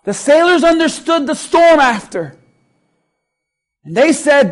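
A man preaching a sermon as pastor, retelling a story and building emphasis through slow repetition. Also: very high-pitched, animated.

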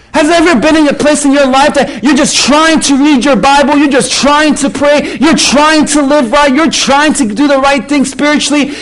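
A male pastor preaching a sermon in a lively, conversational storytelling way, poking fun at himself. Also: extremely high pitch, rough recording. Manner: animated, conversational, self-mocking.

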